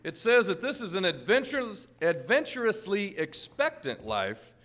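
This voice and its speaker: A man reading scripture aloud in a church service in a steady, affirming way. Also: high voice, moderate pace. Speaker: scripture reader. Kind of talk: reading scripture, congregational responses.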